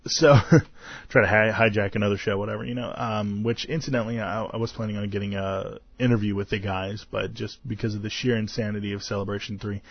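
A man's voice: fairly low pitch, flat delivery, brisk, no room sound, lo-fi sound. A tired man hosting a podcast, recapping a convention in a rambling, self-deprecating way and laughing often. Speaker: podcast host.

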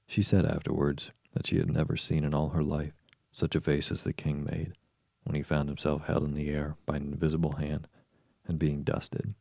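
A man narrating a storybook audiobook in a steady, measured reading. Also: rumbling low, creaky, no room sound.

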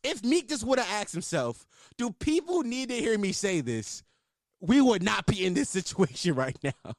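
A young man hosts a podcast at a normal speaking pace, his voice sitting high as he delivers loose, profane, laughing riffs. The animated, casual comedic commentary is recorded in clean studio sound with no echo.

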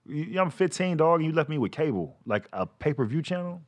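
A man telling stories in casual comedic chat, slangy and animated, acting out quoted lines. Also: on the high side, a little fast.

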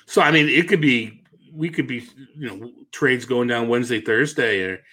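A man's voice: mid-range voice, moderate pace, pushed and bright. A man with a Boston accent co-hosting a sports podcast, thinking aloud in casual chat, correcting himself and laughing easily. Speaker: fantasy baseball analyst, co-host.

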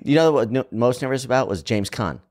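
A man joining a casual podcast chat and telling a quick, offhand story. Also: medium pitch, lively intonation, darkish tone.

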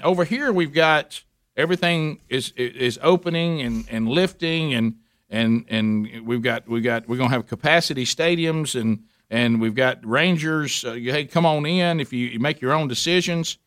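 A man co-hosting a talk radio show, reading news and chatting casually with a rambling, animated delivery. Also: medium pitch, normal speed, no room sound, studio quality. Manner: rambling, animated when joking.

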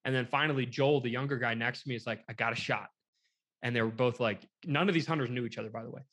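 Young man telling a lively story. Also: medium pitch, very fast. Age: young adult. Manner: animated, quotes people in a lively way, lots of "like". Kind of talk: casual storytelling chat.

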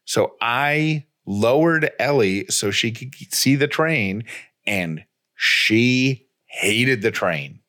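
A man's voice: medium pitch, lively intonation, drawn-out words, bright, forceful tone. A man co-hosting a podcast, telling a story casually in a rambling way. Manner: rambling storyteller, frequent fillers and restarts. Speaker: podcast co-host. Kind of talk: casual chat.

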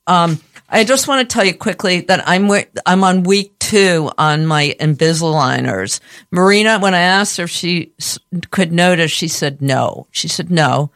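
Raspy-voiced female radio host, casual and rambling, slight lisp, restarts her sentences a lot. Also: lowish voice, normal speed, a bit bright. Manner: slightly lispy speech. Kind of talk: casual chatty talk radio.

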